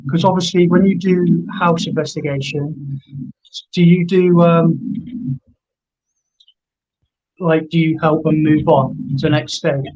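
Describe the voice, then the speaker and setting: A man's voice: a little high, steady tone, slow pace, long pauses, darkish tone. A man hosting a casual podcast interview, chatty and earnest as he tells stories. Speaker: podcast host. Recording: dull lo-fi remote audio.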